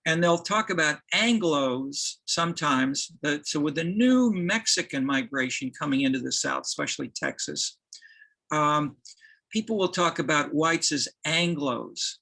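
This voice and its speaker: A man giving a university lecture, halting, with many restarts and fillers. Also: fairly high pitch, lively intonation, vocal fry, pushed and bright, low-quality recording.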